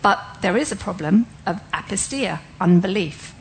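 A woman's voice: medium pitch, lively intonation, moderate pace, slight background noise, low-quality recording. Woman teaching a Bible class. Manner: engages listeners with questions; explanatory, breaks ideas down step by step. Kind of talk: interactive sermon teaching.

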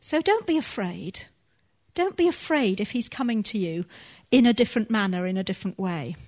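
A woman preaching a sermon to a congregation, teaching earnestly and laughing softly now and then. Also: medium pitch, expressive, moderate pace.

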